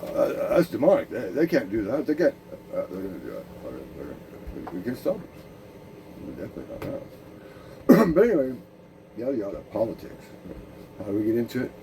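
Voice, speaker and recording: A man's voice: fairly low pitch, wildly swooping pitch, a little fast, recorded from a distance, background noise. A man speaking a profane, meandering monologue, full of restarts, jumping between ideas. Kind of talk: rambling monologue.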